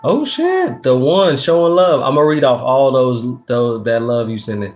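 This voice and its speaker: A man's voice: medium pitch, fairly even intonation, moderate pace, faint music behind. Laid-back man doing live tarot. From Texas. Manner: laid-back, slangy, swears freely, gives lots of shout-outs. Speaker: livestream tarot reader. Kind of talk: casual livestream chat, reading comments aloud.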